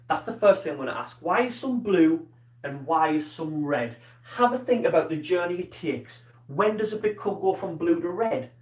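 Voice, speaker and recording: A man's voice: a little high, unhurried. A male teacher giving a live online science lesson, asking questions and praising pupils by name. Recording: roomy, distant, dull-toned sound.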